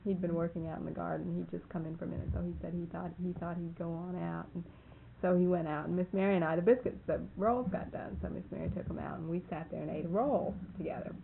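A woman's voice: on the low side, fairly even intonation, fast talker, gravelly. A woman telling a long rambling story in a folksy way, laughing often. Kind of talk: casual storytelling. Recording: tinny phone line, faint hiss.

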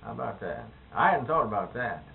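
A man's voice: lowish voice, big pitch swings, brisk, vocal fry, a crowd in the background. A man in a casual interview, mostly giving short affirmations and asking questions. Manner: brief affirming replies, questioning. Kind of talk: conversational interview. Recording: tinny narrow-band old tape.

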